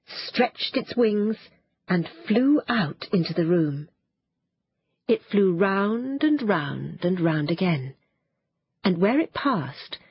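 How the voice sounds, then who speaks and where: A woman narrating a children's storybook in a lively, expressive way. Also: on the low side, husky, no room sound. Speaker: audiobook narrator. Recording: dull, muffled dry studio sound.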